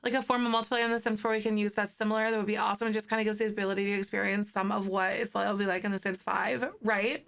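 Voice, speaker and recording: A woman in her thirties chatting with live viewers in a bubbly, rambling, giggly way. Her voice is slightly hoarse from morning throat. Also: mid-range voice, level tone, rapid-fire, few pauses, a bit bright. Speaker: livestreamer. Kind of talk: casual chat with live viewers.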